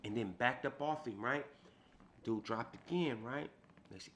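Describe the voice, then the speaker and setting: A man's voice: mid-range voice, moderate pace, vocal fry, fairly bright tone, a little hiss or hum. A man from Sacramento, California, telling a prison story in laid-back street talk, tagging many lines with "right?".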